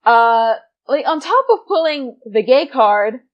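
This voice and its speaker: Animated young woman telling a story. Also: fairly high pitch, slow pace, highs cut off. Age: 20s. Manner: animated, swears casually, breaks into laughter. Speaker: gaming vlogger. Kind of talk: casual storytime narration.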